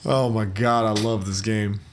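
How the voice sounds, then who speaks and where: A man live streaming a video game, reacting excitedly, chatting and swearing casually. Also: lowish voice, measured pace, noisy background.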